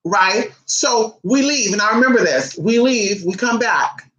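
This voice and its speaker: A young adult woman telling a family story casually, animated and profane, acting out the people she quotes. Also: on the high side, a little slow. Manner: animated, profane, acts out quotes in shifting voices. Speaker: vlogger. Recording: echoey room.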